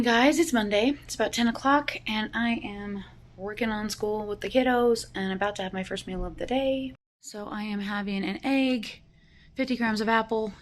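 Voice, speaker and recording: A woman in her fifties vlogging about her day in a casual, chatty, animated way. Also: medium pitch. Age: 50s.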